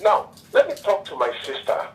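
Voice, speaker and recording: A man's voice: fairly high pitch, very animated, moderate pace, far from the mic, poor audio. A man calling a radio show, effusive in praise and pleading with a fellow listener. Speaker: caller. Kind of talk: radio phone-in call.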